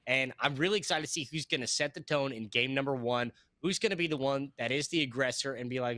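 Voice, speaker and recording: A man casting a live esports match, talking fast and rambling, quick to laugh. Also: medium pitch, pushed and bright, dry recording. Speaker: esports caster.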